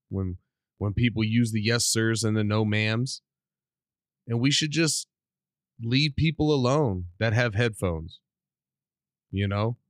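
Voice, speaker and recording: A middle-aged man hosting a casual solo podcast, rambling and animated while under the weather with a cough. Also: lowish voice, no echo, studio quality. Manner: rambling, animated, self-deprecating. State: sick with a cough. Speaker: podcast host.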